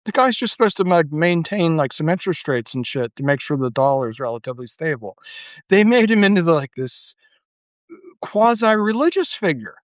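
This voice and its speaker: A man's voice: a little high, very animated, normal speed, no room sound. A middle-aged man hosting a podcast, ranting casually with frequent swearing and fillers. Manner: ranting, profane, full of fillers. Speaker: podcast host. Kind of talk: casual monologue.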